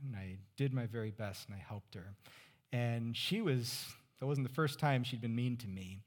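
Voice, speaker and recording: Speaking at normal speed in a mid-range voice, this Central Valley pastor keeps his sermon conversational. He poses rhetorical questions to the congregation and lowers his voice to a hush to stress key points.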